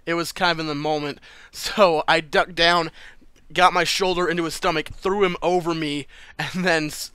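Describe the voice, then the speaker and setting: A man's voice: on the high side, sharp tone, clear, resonant tone, dry recording. A man casually telling a personal story to camera, chatty and loose, swearing freely and laughing between lines.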